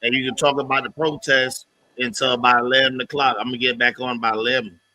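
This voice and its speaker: A man's voice: medium pitch, level tone, quick pace, pushed and bright. A man hosting a livestream, talking casually in slang to his chat viewers. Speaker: livestream host.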